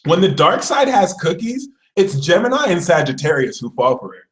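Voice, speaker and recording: A man, an astrologer, talking in a casual vlog with animated, comic storytelling. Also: high voice, normal speed, rough recording.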